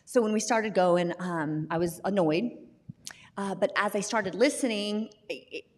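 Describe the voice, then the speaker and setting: A woman's voice: medium pitch, a little slow, darkish tone. A woman tells her own recovery story with candor and a self-deprecating laugh. Her voice sits in the middle range, with a long reverb around it as if in a hall. She often stumbles and restarts her words as she talks. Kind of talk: personal testimony in a recovery talk.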